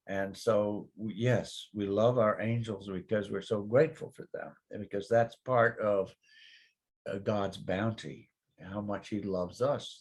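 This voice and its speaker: A man's voice: on the low side, slightly rough. An older man, a guest minister, telling rambling stories in a casual spiritual chat. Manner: rambling, animated storytelling with put-on quoted voices.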